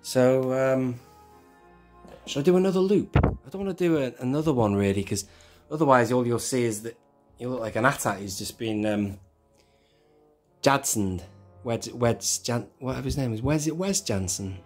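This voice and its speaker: A man's voice: mid-range voice, moderate pace, a little mellow, faint music behind. A man hosting his own channel, talking through a hands-on toy tutorial in a chatty, rambling way that keeps correcting itself. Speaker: toy collector channel host.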